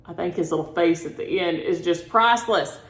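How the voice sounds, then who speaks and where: A middle-aged woman chats in a folksy, storytelling way as she hosts her home vlog. Her voice sits fairly low. The sound is roomy, recorded on a camera mic. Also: fairly quick. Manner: folksy, storytelling, addresses viewers as y'all. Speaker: cross-stitch vlog host. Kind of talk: casual chatty vlog.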